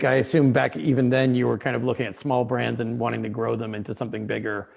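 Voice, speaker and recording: Gravelly-voiced male host. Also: mid-range voice, level tone, fast talker, few pauses, a little mellow, muffled recording. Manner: chatty, encouraging, summarizes guests' points. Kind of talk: casual video-call interview.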